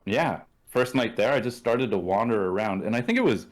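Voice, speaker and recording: A man's voice: medium pitch, expressive, a little fast. A man from Canada, a podcast guest, telling stories in a casual, profane, laid-back way and acting out what people said. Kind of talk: casual storytelling.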